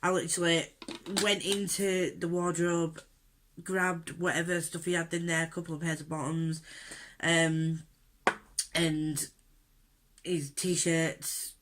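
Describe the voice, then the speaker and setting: Over a noisy background, a woman with a level, low-leaning voice takes her time, leaving long pauses. It's an unedited get-ready-with-me rant at home as she does her makeup, candidly and indignantly telling an upsetting story full of fillers.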